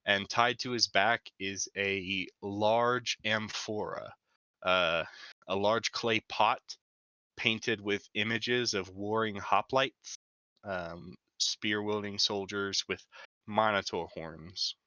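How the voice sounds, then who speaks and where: A man narrating a tabletop game as game master, halting and full of fillers. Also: on the low side, fairly even intonation, pushed and bright, clear, resonant tone, no echo, highs cut off.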